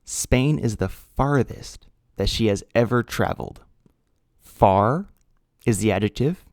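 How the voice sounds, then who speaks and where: A man teaching an English grammar lesson, speaking slowly and deliberately, spelling out letters and repeating key words. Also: on the low side, darkish tone, no echo, clean studio sound. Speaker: ESL teacher.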